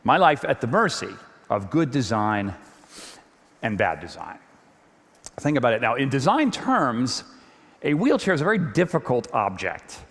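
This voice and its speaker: Animated man talking on a hall stage. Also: mid-range voice, normal speed, pauses often, breathy edge. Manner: animated, repeats words when getting going. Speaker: speaker giving a stage talk. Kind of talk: lively stage talk.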